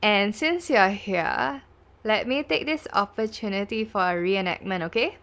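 A woman's voice: mid-range voice, measured pace, a bit bright. A Singaporean woman hosting a casual true-crime podcast, chatty and full of fillers. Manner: chatty, lots of likes and lah. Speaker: podcast host.

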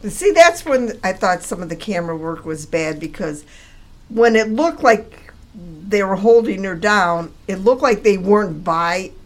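A woman's voice: medium pitch, lively intonation, a little slow. Dry-witted woman podcast co-host. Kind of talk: casual chat about a film.

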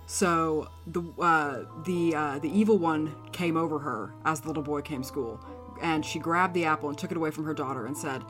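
Giggly woman retelling a dark tale. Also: low-pitched, quick pace, faint music behind. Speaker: podcast co-host. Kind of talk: casual storytelling chat.

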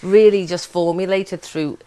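A woman from Britain, an actor, giving an animated, expressive interview about her work and her upbringing. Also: lowish voice, unhurried. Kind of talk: casual interview chat.

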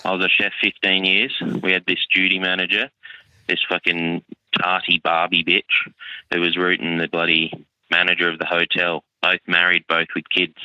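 Crude Aussie caller, bright and low. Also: male voice, completely flat delivery, normal speed, clean tone, dry recording, dull audio. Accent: Australian. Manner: crude, swearing, rowdy storytelling. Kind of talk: phoned-in story.

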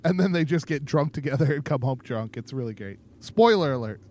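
A man's voice: medium pitch, expressive, brisk, a little mellow. A tipsy man co-hosting a podcast, rambling in casual chat and laughing often. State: tipsy from drinking. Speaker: podcast co-host.

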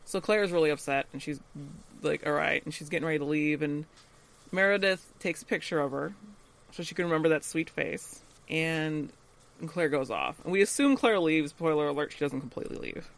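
Lively, laughing male podcast co-host. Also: fairly high pitch, fairly quick, creaky. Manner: animated, laughs often, acts out quoted lines. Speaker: podcast co-host recapping a TV episode. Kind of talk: casual chat.

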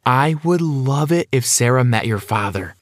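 A man voicing a fussy, insistent middle-aged mother in a narrated story, with a high, sing-song delivery. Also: lively intonation, normal speed, no room sound, clean studio sound, natural voice.

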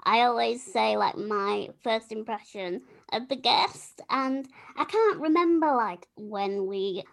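A woman's voice: fairly high pitch, lively intonation, slow pace, gravelly. A young woman hosting a podcast in casual chat, chatty, laughing often and filling her talk with "like". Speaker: podcast host.

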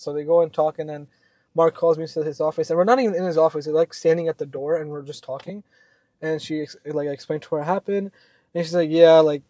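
Young male co-host, slightly high voice, dry close sound, rambling animated storyteller. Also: no echo. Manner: animated, swearing, many fillers. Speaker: podcast co-host. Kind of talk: casual storytelling chat.

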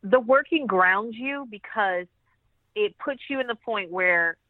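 A woman's voice: mid-range voice, animated, a little slow, no room sound. A woman co-hosting a podcast in casual chat, blunt and profane, laughing easily. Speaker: podcast co-host. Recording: tinny, dry phone-line sound.

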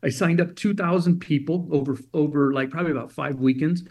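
Energetic man telling a story. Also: on the high side, brisk. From Germany. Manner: energetic, acts out quoted voices. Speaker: podcast guest. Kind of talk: storytelling in an interview.

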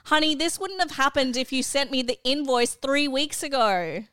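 A woman's voice: sits high, normal speed, dry recording, clean studio sound. A woman, co-hosting a chatty podcast and telling a story with exasperated, swearing energy. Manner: animated, exasperated, swears, laughs often. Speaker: podcast co-host and mother. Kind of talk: casual chat, storytelling.

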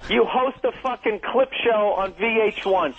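Man, high voice, comedian, profane animated storyteller, tinny phone line. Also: moderate pace, slight background noise. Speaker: comedian guest. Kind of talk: casual radio chat, storytelling.

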